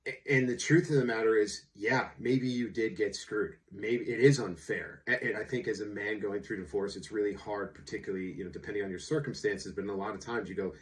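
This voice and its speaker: Man in his thirties, low voice, casual unscripted talk, frank slangy coach, slightly distant mic. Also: brisk. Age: 30s. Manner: candid and informal, with fillers and blunt slang. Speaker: divorce coach.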